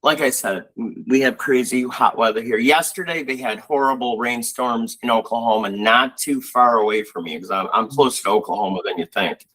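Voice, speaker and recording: Medium-pitched and moderately paced, with hardly any pauses, a man from Buffalo, New York co-hosts a casual chat. He tells rambling, animated stories loaded with fillers, and the recording is rough.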